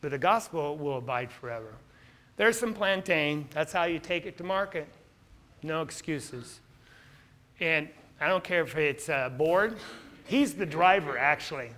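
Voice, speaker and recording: A man, a missionary speaker, tells stories from his trips over photos with earnest feeling that turns lively. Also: fairly high pitch, measured pace. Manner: earnest, turning lively and laughing in anecdotes. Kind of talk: storytelling slide presentation.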